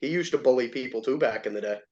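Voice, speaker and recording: Animated storytelling man, dull lo-fi sound. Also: mid-range voice, fast, over a noisy crowd. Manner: animated, acts out quoted lines in raised voice. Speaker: interview guest, former player and coach. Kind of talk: casual storytelling.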